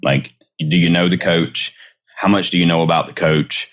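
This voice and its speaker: A man's voice: deep voice, fairly even intonation, moderate pace. A man hosting a podcast who runs youth leagues, talking casually with many fillers and rhetorical questions. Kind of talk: casual interview chat.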